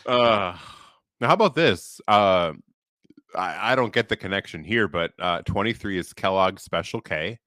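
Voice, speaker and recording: A man's voice: sits low, lively intonation, moderate pace, bright, forceful tone, no echo, studio quality. A man in his thirties co-hosting a casual podcast, reading out list entries and laughing often. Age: 30s. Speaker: podcast co-host. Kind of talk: casual chat.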